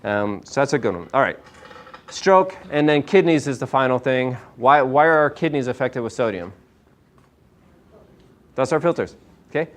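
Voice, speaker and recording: With a medium-pitched voice, a moderate pace and long pauses, a male chiropractor gives a relaxed nutrition talk to a small audience in a meeting room. He stays upbeat, describes himself as hyper, and asks the listeners plenty of questions.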